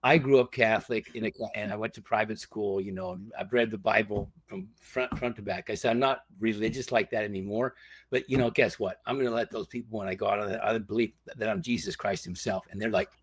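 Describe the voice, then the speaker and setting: A man's voice: fairly low pitch, fairly even intonation, brisk, slightly rough, no room sound, clean studio sound. A man, a guest and former reality show contestant, tells stories in casual chat, acting out other people's lines with laughter.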